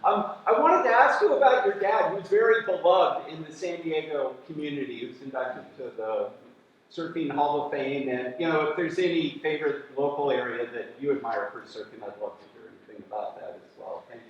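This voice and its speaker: A man's voice: a little high, animated, a little fast, a little hiss or hum. A man in the audience politely asking a question and thanking the guest. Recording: very echoey, distant, dull hall sound.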